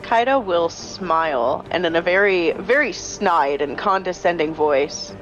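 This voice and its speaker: A woman takes her turn in a tabletop game, describing her character's actions with slight hesitation. Her voice sits low for a woman and comes through a dull lo-fi mic. Faint music plays behind. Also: lively intonation, a little slow, few pauses. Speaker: player.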